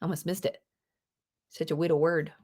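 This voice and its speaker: A woman's voice: low-pitched, normal speed. Chatty woman teaching an online class. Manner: chatty, expressive, reads lines aloud dramatically. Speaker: homeschool English teacher. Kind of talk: live online class lecture. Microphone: video call.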